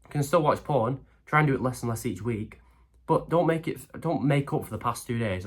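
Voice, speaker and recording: A young man talks straight to camera in a blunt motivational monologue. He swears casually and keeps punching his points home with "okay?" and "right?". His voice sits at an ordinary middle pitch for a man. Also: lively intonation, fairly quick. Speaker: self-help video host.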